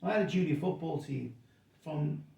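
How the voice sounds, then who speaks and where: A gravelly, mellow-voiced man spins a rambling story, correcting himself as he goes and acting out each quote. He sounds a little high for his age, and the mic sits far off in a roomy space. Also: normal speed. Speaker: guest storyteller. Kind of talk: casual anecdote telling.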